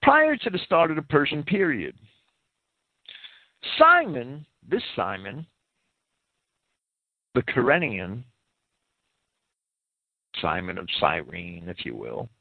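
A man's voice: medium pitch, huge pitch swings, vocal fry, no echo. Man lecturing over tinny dry audio. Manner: deliberate, spells out words and pronunciations. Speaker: Bible commentator. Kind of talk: verse-by-verse scripture commentary.

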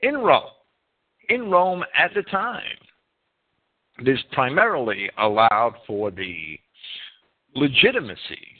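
A man's voice: medium pitch, sing-song, takes it slowly, long pauses. A man narrating a history lesson as presenter of a series, reading with swooping emphasis and occasional self-corrections. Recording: tinny phone-like band.

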